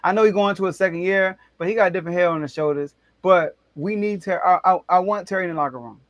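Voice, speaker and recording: Fast and high-voiced, a man hosting a casual sports debate show tells excitable, animated stories with big jumps in his voice, recorded with no echo.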